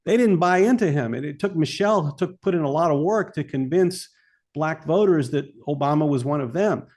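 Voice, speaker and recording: A man's voice: a little high, animated, fairly quick, a little mellow. A man speaking as a filmmaker guest in an interview, emphatic and argumentative. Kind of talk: interview talk.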